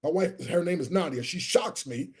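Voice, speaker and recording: His voice is high and raised, slightly dark in tone, with a gravelly touch of fry as this guest motivational speaker gives a sermon-style business talk at a moderate pace. In an online training session, he emphatically drives points home, spells key words letter by letter, and gets listeners to answer him back.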